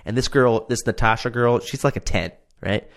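A man's voice: medium pitch, moderate pace, gravelly. A man casually ranting about a reality show he watched, profane, sarcastic and exasperated. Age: adult. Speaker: show reviewer.

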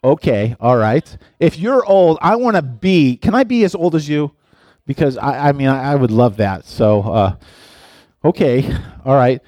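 A man's voice: medium pitch, lively intonation, measured pace, darkish tone, no echo, studio quality. A middle-aged man, a pastor, giving a playful, chatty sermon and talking directly to his listeners. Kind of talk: casual sermon.

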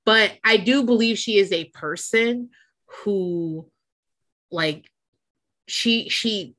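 A woman co-hosting a podcast in casual chat, animated and gossipy, laughing often and swearing freely. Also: medium pitch, takes it slowly. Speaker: podcast co-host.

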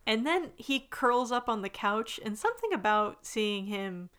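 A woman's voice: a little high, animated, measured pace, a bit bright, clear, resonant tone. A woman co-hosting a casual podcast, recapping a TV episode in an easygoing, giggly way. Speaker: podcast co-host. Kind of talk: casual chat recapping a TV show.

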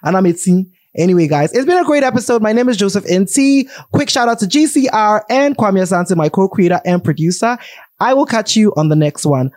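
A man's voice: high voice, animated, brisk, a little mellow, no echo, clean studio sound. A young man with a Ghanaian accent hosting a podcast in a playful, joking way, slipping into pidgin. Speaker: podcast host. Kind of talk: casual podcast chat.

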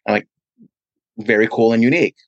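Deep-voiced man telling rambling stories. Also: fairly quick, no echo, highs cut off. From California, USA. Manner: rambling anecdotes with many "you know" asides. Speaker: event promoter and radio DJ, podcast guest. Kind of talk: casual interview storytelling.

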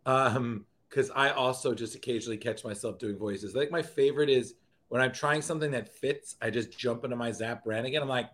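Brief: male podcast co-host, casual rambling chat, mid pitch, emotional, trips over his words. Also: brisk, a bit bright. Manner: rambling, emotional, restarts often.

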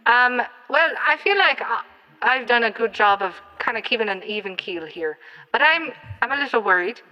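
A woman player wryly describing scenes in a tabletop game into a phone, with hesitant pauses. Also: a little high, expressive, in a large hall, highs cut off. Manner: wry, hesitant.

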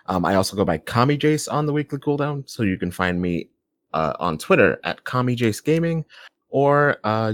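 A man appearing as a guest on a podcast, chatting casually and laughing easily. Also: on the low side. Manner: lively and quick to laugh.

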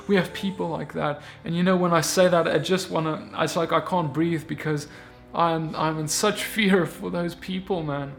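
A man's voice: fairly high pitch, normal speed, gravelly, fairly bright tone. A man giving an earnest, emphatic Bible teaching in a casual video sermon, often restarting his sentences.

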